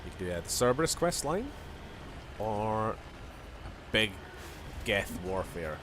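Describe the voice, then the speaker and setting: Scottish man, gaming streamer, rambling, jokey, low voice, faint background hum. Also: big pitch swings, unhurried. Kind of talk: casual live-stream commentary.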